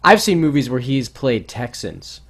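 A man co-hosting a podcast in casual chat, rambling and animated with many restarts. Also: medium pitch, normal speed, creaky, a little hiss or hum. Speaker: podcast co-host.

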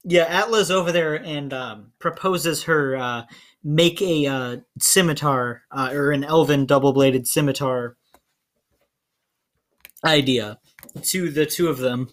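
A game master narrating a tabletop role-playing game, pausing often with lots of fillers. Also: mid-range voice. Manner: hesitant, many fillers.

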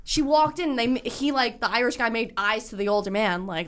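Young woman, bright higher voice, animated, casual chat, acts out quotes. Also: a little fast. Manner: animated storyteller acting out quotes.

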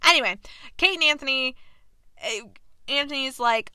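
A young woman hosting a casual recap chat, animated and exasperated, tossing in quick quoted asides. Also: fairly high pitch, dry recording, clean studio sound. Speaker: podcast host recapping a TV episode.

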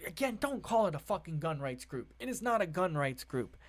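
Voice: mid-range voice, very animated, a little fast. A political commentator reading news items aloud and ranting about them in a sarcastic, profane way.

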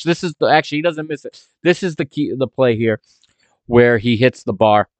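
A man hosting a solo podcast and recapping a football match, telling it as an animated story with frequent restarts. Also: medium pitch, clean tone, no room sound. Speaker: podcast host.

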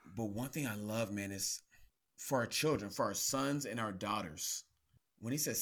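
A man's voice: lowish voice, normal speed, fairly bright tone. A man hosting a casual podcast chat, earnest and a little preachy, calling his guest bro and man. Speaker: podcast host. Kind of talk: casual faith-based chat.

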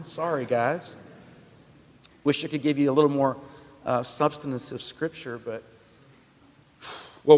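A man's voice: mid-range voice, darkish tone. A man preaching a sermon as pastor, emphatic and conversational, often restarting his phrases. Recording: long hall reverb.

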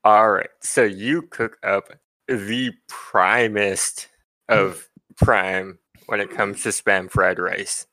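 A man narrating a tabletop game as game master, playful and quick to laugh. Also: lowish voice, fairly even intonation, sharp tone, no echo. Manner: laughs often, playful and teasing.

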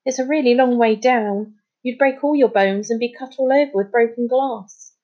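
A woman's voice: a little high, expressive, moderate pace, slightly rough, pitched above the performer's own voice. A woman reading aloud as a worried, chatty young girl who gushes and frets. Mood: anxious. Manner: worried, gushing. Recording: slightly muffled recording.

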